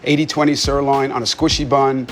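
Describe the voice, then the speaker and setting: A man's voice: medium pitch, flat delivery, brisk, a little hiss or hum. Opinionated chef, a man from New York. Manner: emphatic, opinionated. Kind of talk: casual chat.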